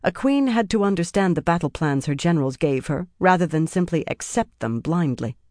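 A narrator reading a fantasy novel in a measured, steady audiobook style. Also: mid-range voice, no echo, clean studio sound.

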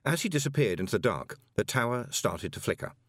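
A man narrating an audiobook in an expressive storytelling manner. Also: lowish voice, brisk, no room sound, studio quality.

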